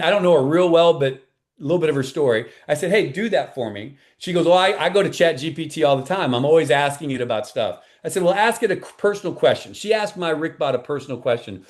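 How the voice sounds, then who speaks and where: A man, a life coach and pastor, talking as a guest in an interview in an earnest, animated way. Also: on the high side. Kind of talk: enthusiastic interview talk.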